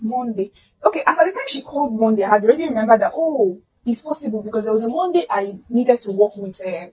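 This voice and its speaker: A young Nigerian woman with a slightly high voice animatedly retells a personal story to camera, imitating the voices of those involved. The recording is rough, with slight background noise.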